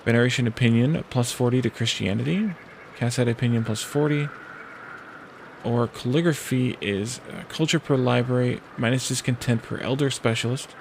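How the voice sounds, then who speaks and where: A man's voice: medium pitch, vocal fry, slight background noise. A man streaming a strategy game, casually thinking aloud, hesitating and reading event text from the screen. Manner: hesitant, with pauses and restarts. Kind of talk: casual let's-play commentary.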